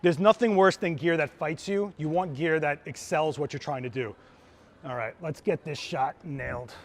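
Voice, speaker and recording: A male photographer leads a live hands-on demonstration. His voice sits a touch higher than most men's, and he explains things in an easygoing, excited way, talking his audience through each step like a friendly teacher. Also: normal speed, slight background noise. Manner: casual, enthusiastic, chatty teacher. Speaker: photographer giving a gear demo. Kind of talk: live instructional demo. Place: trade show floor.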